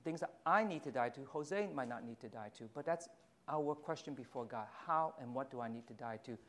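A man, a pastor, preaching a sermon in a lively, confessional way, poking fun at himself. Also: medium pitch, a little fast. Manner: animated, confessional, self-mocking with laughs.

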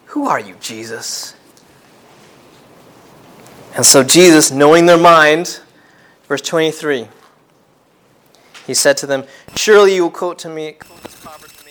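A man preaching a sermon in an earnest way, often repeating and restarting words, swinging between loud and soft. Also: a little high, a little slow, pauses often.

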